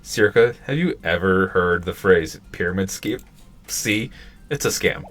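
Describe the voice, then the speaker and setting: A man reading aloud in close to his own low voice as a strict, serious schoolgirl treasurer who runs a meeting. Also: animated, unhurried, fairly bright tone, faint music behind. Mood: stern. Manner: firm, exasperated, businesslike.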